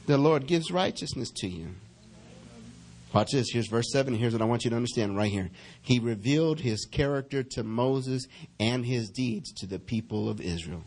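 A middle-aged man preaching a sermon as pastor, reading verses slowly and building in intensity, calling on the congregation to answer back. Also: mid-range voice, animated, darkish tone. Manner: calls for congregation responses.

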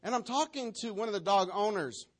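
A male pastor with a somewhat high voice preaches a sermon. He tells stories and acts out the voices and scenes in them. He keeps putting questions to the congregation. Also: animated, fairly quick.

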